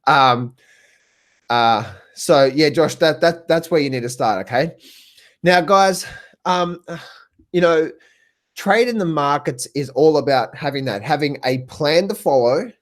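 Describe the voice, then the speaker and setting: Excitable Australian man coaching on a live stream. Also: fairly high pitch, unhurried. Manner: excitable, repetitive, laughs often, chats with viewers by name. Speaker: trading coach. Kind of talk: live stream talk answering viewers in chat.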